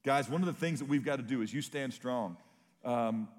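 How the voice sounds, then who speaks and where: Emphatic preacher in a big hall. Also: male voice, medium pitch, moderate pace. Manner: emphatic, storytelling preacher with rising intensity. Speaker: pastor. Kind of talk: sermon.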